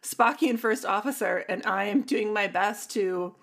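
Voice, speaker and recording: A woman's voice: medium pitch, measured pace, a bit bright. A woman co-hosting a casual podcast, a therapist talking in a dry, wry, talkative way.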